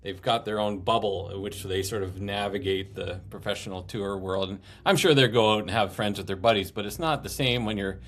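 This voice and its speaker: A man with a lowish voice co-hosting a podcast. He talks things through thoughtfully, pausing on fillers as he goes. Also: a bit bright. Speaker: podcast co-host. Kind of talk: casual chat.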